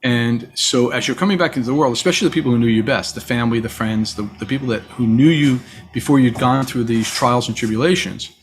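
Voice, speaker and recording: In a reflective conversation, a male guest tells stories and imitates the voices of the people he quotes. He speaks fast at medium pitch with few pauses, and there's a faint hiss or hum on the recording.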